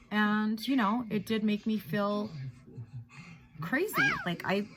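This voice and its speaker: An upset woman in her thirties talks straight into her camera at home. She rambles and circles back, filling her speech with "like" and "you guys" as she vents. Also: mid-range voice. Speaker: vlogger. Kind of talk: casual chat to camera.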